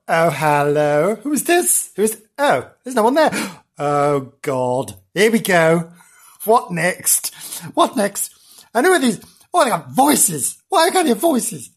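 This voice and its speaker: A man's voice: high voice, breathy edge, voice pushed up, exaggerated voice. A man voicing Janice, a cross, prim woman who jumps at every noise and talks in an indignant, fussy way.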